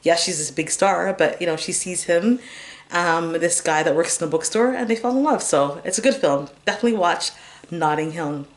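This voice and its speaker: Low-voiced chatty woman reviewing movies. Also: moderate pace. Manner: rambling, chatty, lots of fillers and giggles. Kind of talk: casual chat.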